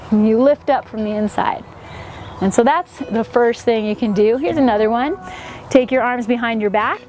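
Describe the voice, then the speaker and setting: Woman, yoga instructor, gentle encouraging cues, fairly high voice, faint music underneath.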